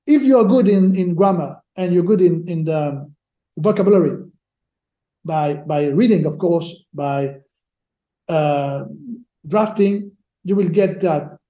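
Searching for his phrasing, this man halts and repeats words while answering questions as a sports lawyer guest on a podcast. He has a high voice with a dark tone, captured in a roomy, echoing space.

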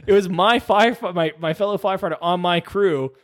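A young man who works as a firefighter paramedic, telling profane work stories in casual talk, laughing often and quoting people. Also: sits high. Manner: laughing, profane, quotes people in quick dialogue. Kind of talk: casual podcast storytelling.

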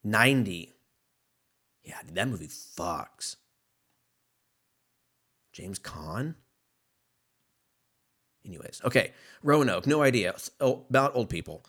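A man's voice: lowish voice, animated, slow, pauses often, a bit bright, breathy edge. A man rambling in a casual, profane solo monologue, laughing often and drifting between topics.

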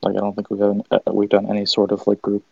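A man's voice: on the low side, monotone, fast, gravelly, no room sound. A man playing a tabletop role-playing game, talking casually and hesitantly with fillers. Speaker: player. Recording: dull, lo-fi dry mic.

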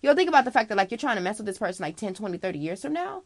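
A woman's voice: mid-range voice, sing-song, very fast, few pauses. A woman giving frank, casual advice straight to the listener, calling them girl, swearing freely and filling her talk with okay and you know. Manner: chatty, full of fillers like okay and you know. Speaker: vlogger giving life advice.

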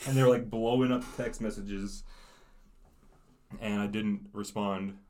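A young man with a fairly low voice co-hosts a casual podcast chat. He is laid-back and swears freely. He often laughs through his stories. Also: steady tone, measured pace, darkish tone, slight background noise. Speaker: podcast co-host.

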